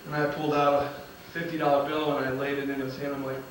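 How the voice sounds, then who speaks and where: A man's voice: fairly high pitch, monotone, fast, hardly any pauses. A man who is a motivational speaker, telling comic stories to a live audience, acting out the dialogue and laughing at his own jokes. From Illinois. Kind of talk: storytelling speech to a live audience. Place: large auditorium. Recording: roomy hall sound, distant mic, loud room noise.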